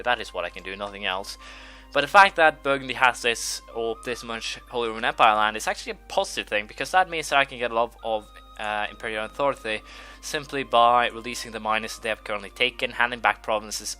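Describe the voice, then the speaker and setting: A man's voice: mid-range voice, pushed and bright. A man hosting a strategy-game let's play, thinking aloud with many fillers and restarts while he has the hiccups. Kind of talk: gameplay commentary.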